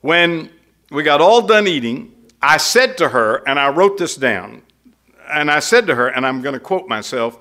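A man preaching an expository sermon, teaching in a slow, emphatic, conversational way with many rhetorical questions. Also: a little high, big pitch swings, sharp tone.

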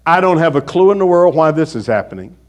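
A male pastor, older, preaching a conversational sermon and telling a personal story with lively, animated delivery. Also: fast talker. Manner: animated, conversational storytelling with a wide swing of pitch.

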